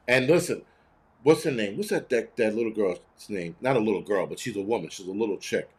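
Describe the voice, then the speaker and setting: Fairly low-pitched and a little fast, this fifty-something livestream host keeps things casual. His talk is rambling and sarcastic, packed with nonstop cursing.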